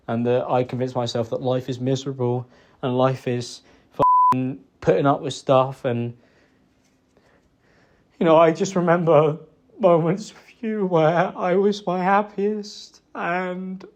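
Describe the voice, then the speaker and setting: Man, high voice, halting remorseful apology, dull lo-fi recording. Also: darkish tone. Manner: halting, remorseful, many pauses and restarts. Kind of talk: emotional private apology recording.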